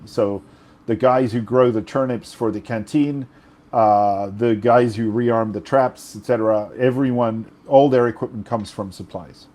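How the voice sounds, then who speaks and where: A man's voice: mid-range voice, warm tone. A man whose first language is French, running a tabletop game in English with rambling, self-correcting explanations. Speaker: game master.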